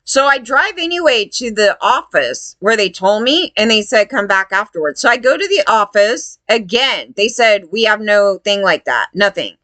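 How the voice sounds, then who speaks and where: This fire survivor angrily tells how she was turned away after the fires, swearing often and acting out what officials said to her in a heated, profane rant. Her medium-pitched voice is animated, bright and forceful, moving at normal speed with hardly any pauses. The recording is dry.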